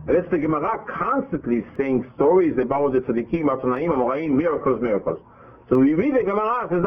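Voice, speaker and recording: A man giving a religious lesson, halting and repeating words as he acts out dialogue. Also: on the high side, expressive. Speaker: rabbi teaching a class. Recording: husky voice over a phone-like line.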